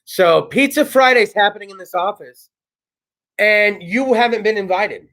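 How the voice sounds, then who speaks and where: A man hosting a casual comedy talk show, telling stories in a brash, profane, animated way. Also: sits high, a little slow. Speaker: host.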